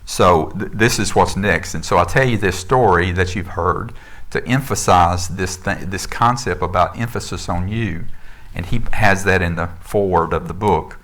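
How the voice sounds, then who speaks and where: A man's voice: low voice, moderate pace, a bit bright. A middle-aged man, a minister, giving a conversational sermon and telling a story with many fillers and restarts.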